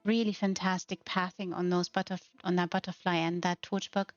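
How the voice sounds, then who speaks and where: A woman's voice: on the low side, level tone, moderate pace, no room sound, lo-fi sound, soft background music. A woman hosting a narrated house tour, gushing with effusive praise. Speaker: host.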